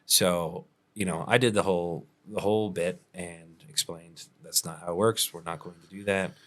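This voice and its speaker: Deep-voiced, laid-back contractor telling stories. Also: male voice, fairly even intonation, moderate pace, fairly bright tone. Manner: laid-back, chuckles often, many fillers. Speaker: roofing contractor, podcast host. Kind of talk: casual podcast storytelling.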